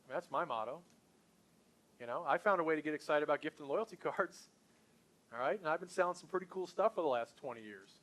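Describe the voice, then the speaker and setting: A middle-aged man coaching a group on sales, his voice a touch higher than most men's. He talks in an upbeat, punchy, conversational way. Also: animated, fast, fairly bright tone. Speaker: sales trainer. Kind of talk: sales training talk to a group.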